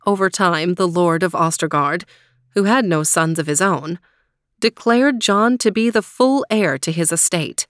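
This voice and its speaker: Storyteller: measured woman narrator, unhurried, dry close mic. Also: fairly low pitch, a bit bright, no echo. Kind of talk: storybook read-aloud.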